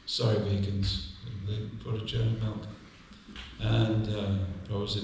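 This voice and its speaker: A man delivers a devotional class in a low, steady voice that barely rises or falls. He tells anecdotes with dry, gentle humor. He sounds distant from the mic, with strong echo from a large temple room and faint background hum. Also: moderate pace. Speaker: visiting speaker giving a temple class. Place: temple hall. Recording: echoey temple room from far off.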